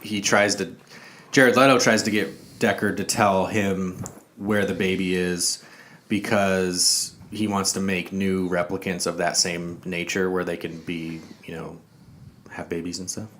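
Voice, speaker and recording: Low-voiced man retelling a film plot. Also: little pitch movement, a little slow, a bit bright, a little hiss or hum. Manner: loose plot retelling with fillers and quoted asides. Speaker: podcast co-host. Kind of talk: casual movie review chat.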